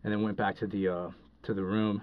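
A man with a fairly low voice tells a long story as a podcast guest, wandering through it with lots of "uh" and "like" and frequent restarts. The recording is dull and lo-fi, with the highs rolled off. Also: flat delivery, fairly quick. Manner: rambling, heavy with fillers and restarts. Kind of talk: casual storytelling.

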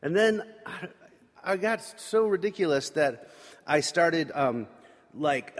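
A man at mid pitch tells a candid story from his boyhood as part of an evening service. He speaks in a plain, confessional way with casual fillers, and his words ring out into the long reverb of a large hall. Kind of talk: personal story in a sermon.

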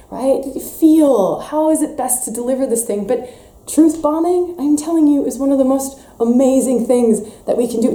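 A young adult woman giving a casual spiritual teaching, lively and expressive, slipping into playful voices for quotes. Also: a little high. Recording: echoey room.

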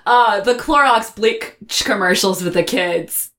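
A woman co-hosting a podcast in casual chat, laughing often and recapping scenes quickly. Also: mid-range voice, a bit bright. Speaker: podcast co-host.

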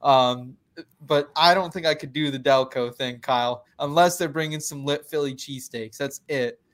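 A man's voice: mid-range voice, moderate pace. A man co-hosting a casual sports podcast, laughing often and stammering through restarts. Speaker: podcast co-host.

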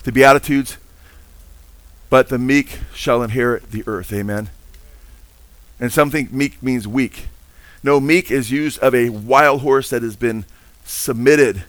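A middle-aged man, a pastor, preaching a sermon with animated emphasis and call-and-response questions to the congregation. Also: mid-range voice, no echo.

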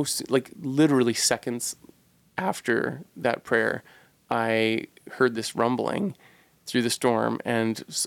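A man's voice: mid-range voice, creaky, dry recording. A man co-hosting a podcast, telling a personal story in an earnest, reflective way and searching for his words as he goes. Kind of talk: casual storytelling.

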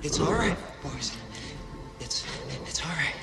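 A coaxing, nervous film scientist. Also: male voice, on the high side, very animated, slow pace, loud music behind the voice. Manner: earnest, pleading, coaxing. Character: nervous male NASA scientist pleading to talk with aliens. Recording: movie clip, echoey, with score.

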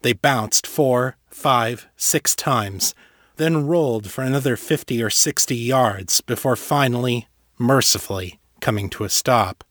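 A man reading a fantasy story aloud in a steady, measured narration. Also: medium pitch, dry recording, studio quality. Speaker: audiobook narrator.

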